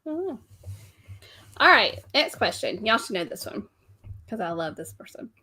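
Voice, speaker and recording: A woman's voice: mid-range voice, big pitch swings, moderate pace, pushed and bright, breathy edge. A woman co-hosting a casual live stream, reading out trivia questions and laughing often while she teases her co-host.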